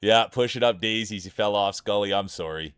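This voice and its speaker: A man's voice: lowish voice, brisk, smooth, no room sound, clean studio sound. Hyped Canadian man calling marble races. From Saskatchewan, Canada. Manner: energetic, hyped announcer-style banter with chat. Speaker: streamer hosting marble races. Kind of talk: live-stream commentary.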